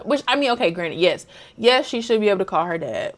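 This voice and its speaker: A woman's voice: mid-range voice, fairly quick. A young woman vlogger chatting casually, retelling a book's plot and acting out the characters' lines. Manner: animated storytelling, acts out characters' lines. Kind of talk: casual chat recapping a book.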